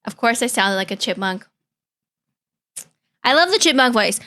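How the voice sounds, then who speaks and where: A woman's voice: fairly high pitch, expressive, moderate pace, bright, forceful tone. A young woman streamer chatting casually and playfully with her viewers, caring and chatty. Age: young adult. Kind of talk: casual reaction-stream chat.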